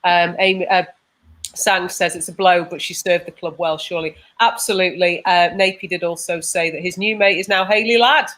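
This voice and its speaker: A woman's voice: fairly low pitch, steady tone, moderate pace, a bit bright. Casting: woman host, live fan stream, reads comments, unpolished and hesitant. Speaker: podcast host. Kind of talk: live podcast chat reading viewer comments.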